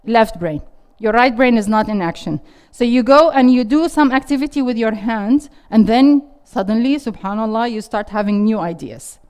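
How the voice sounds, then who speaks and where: A woman's voice: a little high, normal speed, hardly any pauses, a little mellow, smooth. A middle-aged woman teaching a parenting workshop, restating audience questions and encouraging them. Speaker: parenting instructor. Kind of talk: interactive parenting workshop talk. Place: classroom with a live audience.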